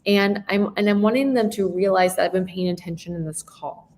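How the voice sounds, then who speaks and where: Expressive woman coaching on sales talk. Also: mid-range voice, a little fast. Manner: expressive, shifting tone and emphasis; frequent rhetorical check-in questions. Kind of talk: live sales training talk.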